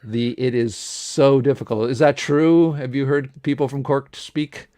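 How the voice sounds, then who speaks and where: A man's voice: mid-range voice, fairly even intonation, measured pace, mellow, dry recording, clean studio sound. A man hosting an online interview, rambling along with many fillers and restarts. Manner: rambling, filler-heavy delivery. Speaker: host.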